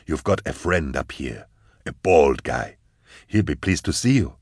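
A man voicing a cruel male gunman, low and menacing, who turns to frantic yelling. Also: lively intonation, a little slow, husky, no room sound, clean studio sound, heavily acted.

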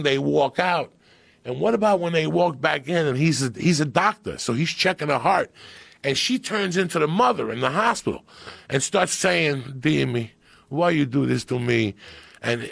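A man with a gravelly voice telling animated, profane stories as a podcast guest and acting out movie quotes. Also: medium pitch, dry recording. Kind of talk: profane storytelling.

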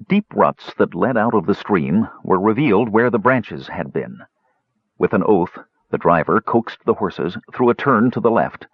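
A man narrating an audiobook in a steady, measured storytelling voice. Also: on the low side, husky, dry recording. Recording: dull lo-fi, dry.

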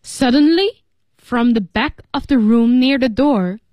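A woman's voice: a little high, measured pace, no echo, lo-fi sound. A woman co-hosting an English lesson, reading story lines and explaining phrases in a chatty way with many fillers.

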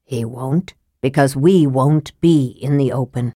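A woman's voice: a little slow, dry recording, clean studio sound. Raistlin, a woman doing a cold scornful mage. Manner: cold, scathing, soft and low. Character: cold, sickly young male mage, scornful.

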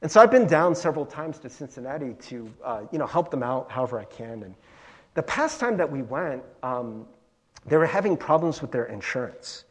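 A male pastor giving a conversational sermon, animated and chatty, peppering his talk with "like" and "right?". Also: medium pitch, brisk.

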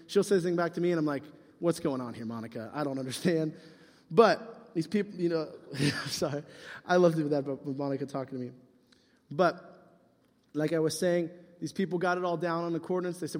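A man's voice: a little high, a little mellow. A young man giving a playful youth sermon as pastor, teasing and quizzing his listeners. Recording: reverberant hall.

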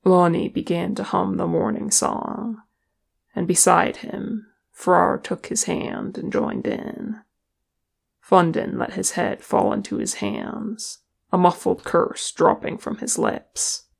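A woman narrating a story as an audiobook reader, with measured, expressive delivery. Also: fairly low pitch, creaky, breathy edge. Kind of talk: narrating fan fiction.

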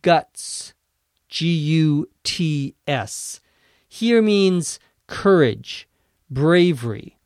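A man teaches English vocabulary at a very slow, careful pace and spells words out letter by letter. His voice sits a little above the usual male range. The recording is dry and close, with no room sound. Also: a little high, lively intonation, darkish tone, dry recording. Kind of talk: slow explanatory language lesson.

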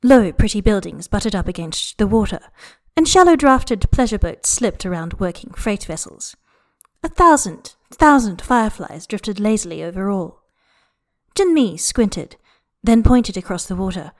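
Expressive woman storybook narrator. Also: medium pitch, measured pace. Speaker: audiobook reader. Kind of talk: scripted narration of fan fiction.

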